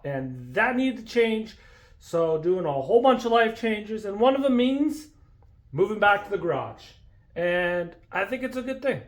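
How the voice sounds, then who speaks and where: High-voiced male vlogger; loose, rambling, self-deprecating delivery. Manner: rambling, self-deprecating, stumbling over words. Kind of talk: casual vlog chat. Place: home garage.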